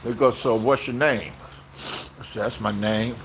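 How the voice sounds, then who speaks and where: A man's voice: mid-range voice, fairly even intonation, measured pace, a bit bright, a little hiss or hum. A man in his sixties from Inglewood, telling rambling, profane stories in a casual vlog and acting out the voices he quotes, recorded outdoors. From Inglewood, Los Angeles, USA. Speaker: YouTuber.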